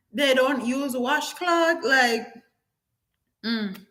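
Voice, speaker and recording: A woman talks straight to her live-stream viewers, blunt and animated. She slips into patois phrasing, laughs often, and reads out comments as they come in. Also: a little high, low-quality recording. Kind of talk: casual live-stream chat.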